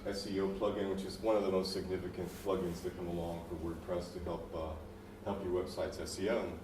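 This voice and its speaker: A man's voice: low-pitched, little pitch movement, brisk. A man hosting a meetup introduces the guest speaker, hesitating with frequent fillers. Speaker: meetup organizer and host. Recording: distant mic in echoey room with background noise.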